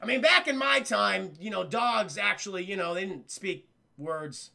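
A man voicing an earnest, flustered young male samurai who speaks slowly and apologetically. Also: high-pitched, creaky, sharp tone, full character voice.

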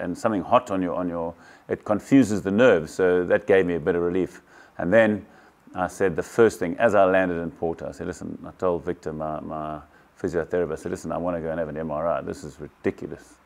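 A man's voice: deep voice, creaky. A man in his sixties from South Africa, candidly recounting a personal story to camera in a matter-of-fact way. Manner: candid, matter-of-fact, quotes others in dialogue. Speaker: kayaking champion telling his story.

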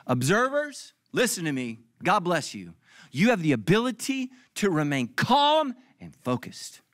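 A man's voice: high voice, wildly swooping pitch, measured pace, a bit bright, no room sound, studio quality. A middle-aged male pastor giving a comedic sermon, acting out other people's lines for laughs.

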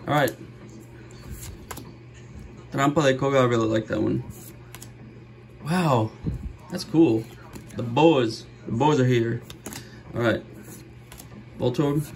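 A middle-aged man hosting a card-opening video, chatting casually and joking, with sudden gasps and bursts of excitement. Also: medium pitch, vocal fry, a little hiss or hum, rough recording. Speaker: card-opening channel host. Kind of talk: casual pack-opening commentary.

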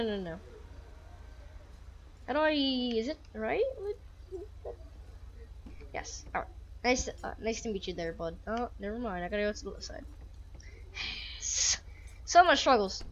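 A woman's voice: fairly high pitch, fairly bright tone, muffled recording, slight background noise. Chatty woman narrating gameplay. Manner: chatty, laughs often, talks to game characters. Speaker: gamer playing a police sim. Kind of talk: casual gameplay commentary.

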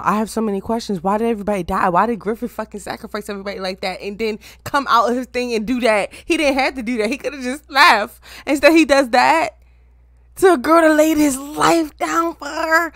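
Woman reaction host, high tense voice, dry close sound, excitable profane ranting to her audience. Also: moderate pace, no room sound. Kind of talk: casual reaction commentary.

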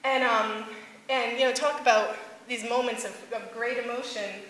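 A young woman, a singer-songwriter, telling a personal story on stage to a live audience, animated and laughing often, with many fillers. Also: a little high, moderate pace. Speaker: singer-songwriter giving a talk. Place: stage before a live audience, echoey hall. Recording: echoey hall with faint ambience.

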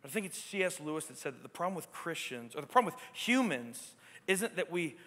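Bright-voiced male preacher with church reverb. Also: on the high side, sing-song, a little fast. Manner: emphatic, keeps asking "right?"; swings between quiet reflection and loud exclamation. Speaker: pastor. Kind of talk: sermon. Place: church sanctuary.

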